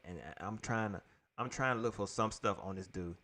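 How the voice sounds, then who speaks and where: Fairly quick and lowish, his voice comes out pushed and bright as he hosts a casual solo livestream. He rambles, venting his sports-fan frustration right at chat and circling back to the same points.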